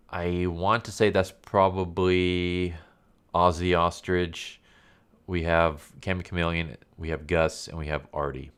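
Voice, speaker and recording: A man's voice: deep voice, fairly bright tone, clear, resonant tone. A man giving a casual, rambling comic book review with lots of fillers. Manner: loose, rambling, filler-heavy recap.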